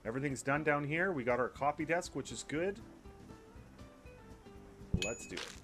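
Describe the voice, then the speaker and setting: A man's voice: on the high side, moderate pace, over music. A man with a mild Canadian accent, casually rambling to himself while commenting on his gameplay. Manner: relaxed rambling chatter, hums and talks to himself. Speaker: gaming YouTuber.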